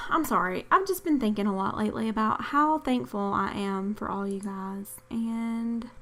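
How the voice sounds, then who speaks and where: A woman's voice: medium pitch, unhurried, sharp tone. A tired woman hosting casual gameplay commentary, rambling and apologetic, poking fun at herself. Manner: rambling, apologetic, self-deprecating. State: tired, yawning. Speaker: gaming channel host.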